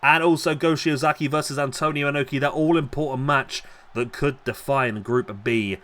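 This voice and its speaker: A man hosting a gaming channel, giving energetic play-by-play commentary on a simulated wrestling match and rising to shouts on the big moves. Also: medium pitch, normal speed.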